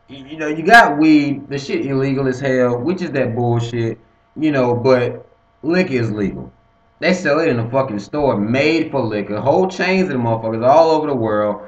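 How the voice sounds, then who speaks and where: Profane man ranting in an echoey room. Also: medium pitch. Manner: animated, swearing freely, repeats himself. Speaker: vlogger. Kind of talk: profane casual rant to camera. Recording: echoey room, dull lo-fi sound.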